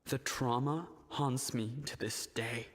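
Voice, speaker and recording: An actor playing a haughty, decadent noble count in a video game, with a drawling, arch delivery. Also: male voice, mid-range voice, fairly even intonation, slow pace, in a large hall, close to an everyday voice. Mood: mock tragic. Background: game music.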